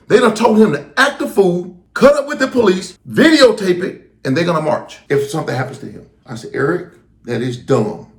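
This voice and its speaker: A middle-aged man giving emphatic, preachy commentary as host of his own channel. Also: high-pitched. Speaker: host of a street talk channel. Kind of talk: impassioned commentary. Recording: roomy echo.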